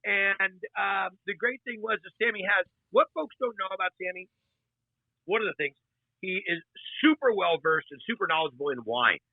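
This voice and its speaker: A high-voiced man spins exuberant, slangy stories as a guest. His voice comes through a thin, phone-like line with a dry, close sound and no room around it. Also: normal speed, dry recording. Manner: lively, exuberant anecdote-telling with slangy asides. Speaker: restaurateur and TV presenter guest. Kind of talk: casual storytelling chat.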